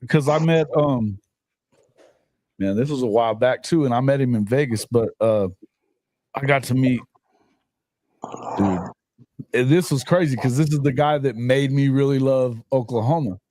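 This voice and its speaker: A man's voice: medium pitch, moderate pace, pauses often, a little mellow. A middle-aged man hosting a casual sports podcast, telling stories animatedly and laughing often while chatting remotely. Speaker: podcast host, sports writer. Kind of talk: casual chat. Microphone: remote call mic.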